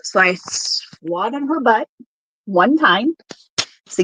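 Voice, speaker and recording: A woman's voice: a little high, animated, fairly bright tone, husky, dry recording. Woman telling a painful family story, dry sound. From Alaska. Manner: halting, with fillers and quoted dialogue. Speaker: guest telling her story. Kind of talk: personal story told on a podcast.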